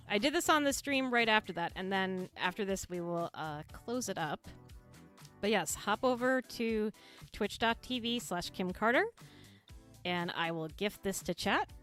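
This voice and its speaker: A woman's voice: on the low side, a bit bright. A woman hosting a casual livestream, talking chattily to her chat while she sets things up on screen. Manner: chatty, upbeat, thinks aloud while handling on-screen tasks. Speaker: streamer and creator hosting a cast livestream.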